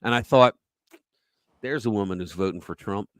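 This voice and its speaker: A man hosting a political commentary show, talking emphatically and conversationally and retelling stories with quick asides. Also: fairly low pitch, fairly bright tone, no echo. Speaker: host.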